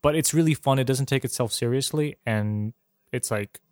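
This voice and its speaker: Halting man talking about movies. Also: medium pitch, darkish tone, dry recording, studio quality. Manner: halting, slow, fillers. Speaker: podcast co-host. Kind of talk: casual movie chat.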